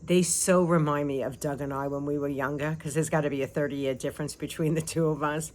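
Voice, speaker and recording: A woman's voice: deep voice, fairly quick. Chatty older woman vlogging casually. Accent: non-local accent. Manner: chatty, lively, with frequent little laughs.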